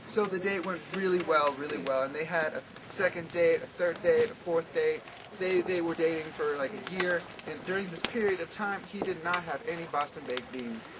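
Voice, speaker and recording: A man telling a comic story at a campfire, animated with many stammering restarts. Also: fairly high pitch, normal speed, hardly any pauses. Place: outdoor campfire at night. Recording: noisy outdoor camp recording.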